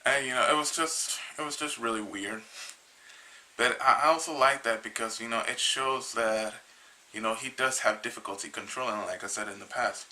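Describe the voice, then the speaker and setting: A man casually retelling a comic book's story, rambling and halting with many restarts, a little tired. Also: mid-range voice, sharp tone, low-quality recording. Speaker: comic book reviewer.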